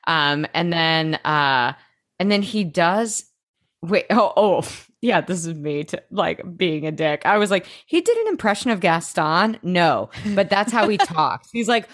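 Low-voiced woman in casual recap chat. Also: unhurried. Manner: animated, swears freely, acts out quotes. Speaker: podcast co-host.

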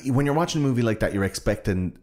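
A man's voice: mid-range voice, fast. A man co-hosting a podcast, chatting casually and rambling about a film, often acting out lines from it. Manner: rambling, animated quoting of characters. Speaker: podcast co-host.

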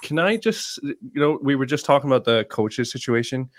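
A man in casual podcast chat, animated and often restarting his sentences. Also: medium pitch, a little fast.

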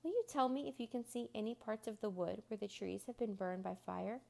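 A woman's voice: medium pitch, brisk, vocal fry, mellow, lightly acted. A woman voicing an eager, brave young boy in a storybook reading, talking in an earnest way.

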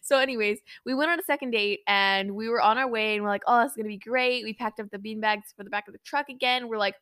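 A young woman co-hosting a podcast, telling a story in casual chat with lots of animated asides and laughter. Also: on the high side, fast, smooth. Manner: chatty, animated, laughs often. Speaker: podcast co-host.

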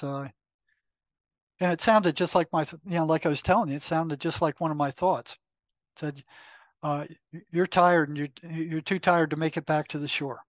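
A man's voice: fairly high pitch, no room sound. An older man, a retired psychotherapist, telling a personal story as an interview guest, acting out the lines of an inner voice with many fillers and restarts. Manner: animated retelling with quoted inner dialogue, frequent fillers. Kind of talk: conversational storytelling.

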